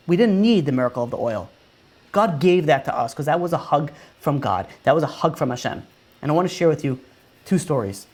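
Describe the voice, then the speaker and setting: A man preaching a conversational sermon as a rabbi. He leans on rhetorical questions and often repeats and restarts his phrases as he talks things through. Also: on the high side.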